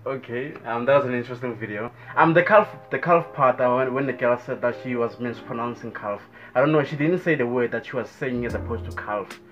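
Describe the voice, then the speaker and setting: A man's voice: medium pitch, fast, dull audio, faint music behind. A man hosting a reaction video, talking in a hesitant, rambling, friendly way. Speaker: reaction channel host. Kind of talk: casual reaction commentary.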